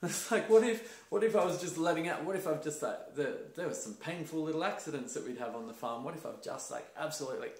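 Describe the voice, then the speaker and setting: Animated man in an echoey room. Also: on the high side, fast, hardly any pauses. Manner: animated storytelling, acts out voices and laughs. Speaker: host. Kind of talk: casual conversation about masculinity. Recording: roomy echo.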